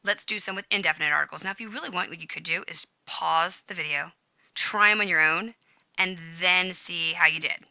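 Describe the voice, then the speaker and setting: A woman's voice: on the low side, brisk, vocal fry, sharp tone, dry recording, rough recording. A woman teacher walking students through Spanish grammar notes on screen, upbeat and chatty, catching and fixing her own slips. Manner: upbeat, chatty, self-correcting. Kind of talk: screen-recorded grammar lesson. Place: home room with a smart speaker.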